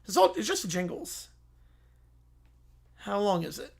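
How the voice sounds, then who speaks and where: A man's voice: high-pitched, very animated, measured pace, vocal fry, husky. A male streamer chatting casually on a live stream. He thinks aloud in an offhand way, with small restarts.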